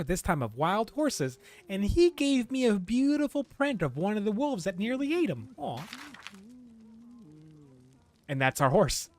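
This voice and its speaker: A man streaming a video game, chatting casually in an animated way, often chuckling and reading in-game text aloud. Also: high voice. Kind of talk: casual gameplay commentary.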